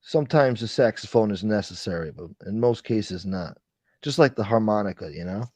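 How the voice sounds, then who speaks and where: A man's voice: lowish voice, expressive, moderate pace, a little mellow, dry recording. A man hosting a casual livestream chat, ranting with profanity and thanking viewers for donations. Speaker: livestream host.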